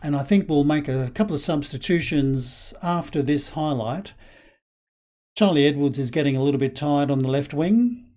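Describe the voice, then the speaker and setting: A Scottish man giving casual, excitable play-by-play commentary over a football management game, with lots of fillers. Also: fairly high pitch, moderate pace. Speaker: game channel host.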